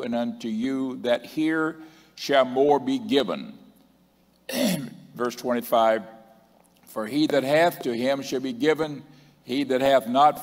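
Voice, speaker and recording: A man preaching a sermon as a bishop, with drawn-out, emphatic phrasing, repeated refrains and self-corrections. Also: mid-range voice, darkish tone. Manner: stumbles over references and corrects himself. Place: large church sanctuary. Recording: long reverb of a church hall.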